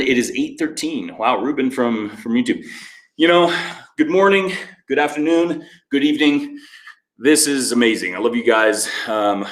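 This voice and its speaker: A man's voice: on the low side, a bit bright. A man hosting a fitness livestream, chatting casually and upbeat as he greets viewers by name and reads their comments aloud. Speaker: fitness show host. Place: home workout space. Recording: echoey room.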